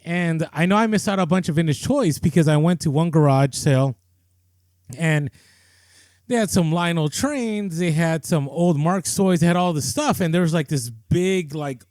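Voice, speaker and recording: A man's voice: fairly high pitch, moderate pace, darkish tone, no echo. A man co-hosting a podcast, telling a story in a loose, chatty way with lots of fillers and restarts. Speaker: podcast co-host. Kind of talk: casual storytelling chat.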